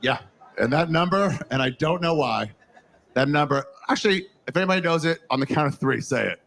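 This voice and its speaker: Animated gravelly-voiced male stand-up comic. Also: fairly high pitch, brisk, slight background noise. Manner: animated storytelling with crowd work and swearing. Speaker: stand-up comedian. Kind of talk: stand-up comedy set. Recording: live stage recording with loud ambience.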